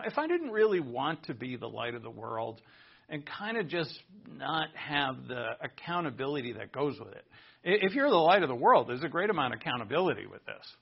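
A male pastor teaches a sermon, walking his listeners through Greek grammar in an animated way. His voice sits a little high and has a gravelly edge. The recording sounds dull and lo-fi. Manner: animated teaching, repeating phrases for emphasis. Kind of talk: sermon with Greek word study at a whiteboard.

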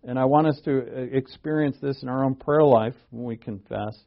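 A man preaching a sermon, earnest and halting, restarting phrases and pushing his voice up for emphasis. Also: medium pitch, vocal fry, lo-fi sound. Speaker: pastor.

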